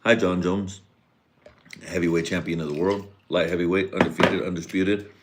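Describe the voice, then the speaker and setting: A man's voice: deep voice, little pitch movement, moderate pace, heavy background noise. A tipsy man hosting a casual live podcast, rambling and swearing a lot while laughing between thoughts. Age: adult father and husband. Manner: rambling, profane, laughs often. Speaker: podcast host. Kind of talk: casual live-stream rant.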